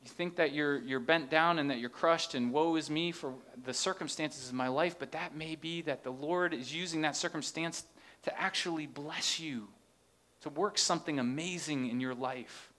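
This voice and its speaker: A man's voice: on the high side, normal speed, fairly bright tone. A man preaching a sermon, earnest and rising into impassioned questions as he reads scripture. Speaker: pastor.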